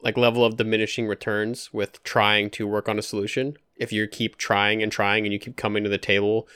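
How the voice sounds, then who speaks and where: Smooth-voiced man in dry, close sound. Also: lowish voice, brisk, dry recording. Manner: animated, swears freely, sympathetic. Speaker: podcast co-host. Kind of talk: casual chat.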